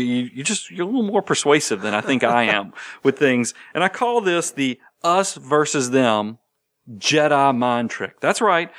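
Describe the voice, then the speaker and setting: Man, animated podcast co-host, fairly high voice, dry sound. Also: no echo. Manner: animated, storytelling with acted-out quotes. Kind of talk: casual finance talk.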